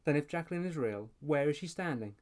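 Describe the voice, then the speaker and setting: Guy voicing a jeering boy, a bit higher, storybook kid. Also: animated, fairly quick, a little mellow, natural voice. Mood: mocking. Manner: mocking. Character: teasing mean-spirited boy.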